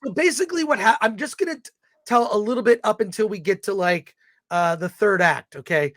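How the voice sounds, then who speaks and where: A man's voice: high-pitched, fairly quick, a bit bright, no echo, clean studio sound. A man co-hosting a casual film review chat, opinionated and blunt, rambling through his thoughts.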